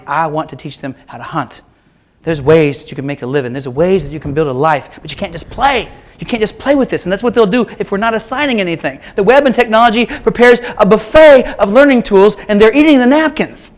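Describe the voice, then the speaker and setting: Wry, high-voiced man giving a keynote. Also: quick pace. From Kansas. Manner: wry, self-mocking storytelling with punchy short lines. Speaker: keynote speaker, art teacher. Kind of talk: humorous keynote speech.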